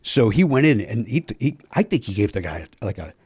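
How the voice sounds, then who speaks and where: A man's voice: on the low side, a little fast, slightly rough, no room sound, studio quality. A man hosting a podcast, telling a story in casual chat, acting out the dialogue and swearing. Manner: animated, acts out quoted dialogue, swears. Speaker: podcast host.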